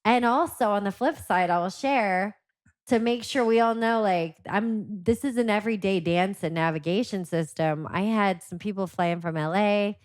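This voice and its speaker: A woman guest on a podcast who talks in a casual, animated way, telling stories full of "like" fillers. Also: medium pitch, moderate pace, no echo, clean studio sound. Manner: animated storyteller, many "like" fillers. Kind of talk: casual conversation.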